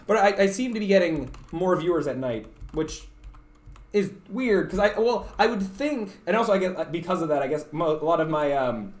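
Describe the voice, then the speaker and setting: A man's voice: on the high side, animated, moderate pace. A young man from Canada chatting casually with stream viewers, rambling and stuttering with lots of fillers. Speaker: livestreamer. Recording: roomy echo.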